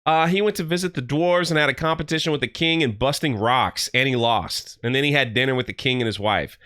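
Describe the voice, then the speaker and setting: A man hosting a casual online review, talking bluntly and sounding exasperated as he retells scenes with quick voiced asides. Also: medium pitch, fairly bright tone, clear, resonant tone. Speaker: YouTube show host reviewing a TV series.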